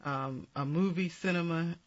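A woman hosting and producing a radio interview show, closing with clear, formal announcements and spelling out addresses slowly. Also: on the low side, highs cut off.

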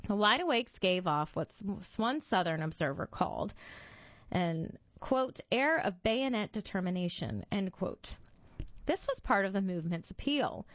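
Woman telling a history story, lively pitch. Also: unhurried, no echo, muffled recording. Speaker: narrator. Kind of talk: scripted history narration.

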